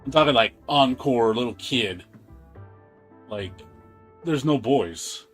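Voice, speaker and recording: A man's voice: mid-range voice, animated, slow pace, breathy edge, soft background music. Laughing, rambling male game streamer. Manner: laughs often, rambling, repeats words. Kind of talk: casual chat.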